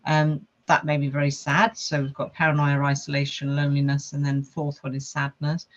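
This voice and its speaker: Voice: medium pitch, completely flat delivery, brisk. Guest telling their own story, earnest, repeats stuff a lot, kinda dull lo-fi sound. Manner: earnest, lists things with repetition. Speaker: podcast guest. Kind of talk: personal story in conversation.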